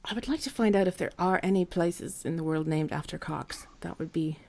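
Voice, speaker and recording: A woman's voice: fairly low pitch, fairly quick, gravelly, dark tone. A woman hosting a comedy podcast, giggly, crude and rambling as she chats with her guests. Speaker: podcast host. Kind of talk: casual comedy podcast chat.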